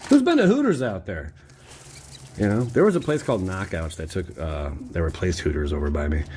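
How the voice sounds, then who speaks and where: A man chatting casually to viewers as he opens card packs, rambling and excitable with slangy asides. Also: deep voice, brisk, noisy background. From Cleveland area, Ohio. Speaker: card-opening streamer. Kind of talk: casual chat while opening card packs.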